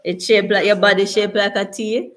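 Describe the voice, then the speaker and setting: A woman's voice: medium pitch, flat delivery, moderate pace, a little hiss or hum. A woman with a Jamaican accent hosting a casual live stream, reading viewers' comments aloud in a chatty way and laughing often. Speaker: livestream host.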